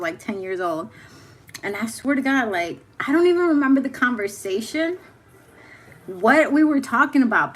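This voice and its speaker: A woman's voice: on the high side, breathy edge. A young woman hosting a casual chat, telling candid stories in slangy, swearing speech. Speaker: host.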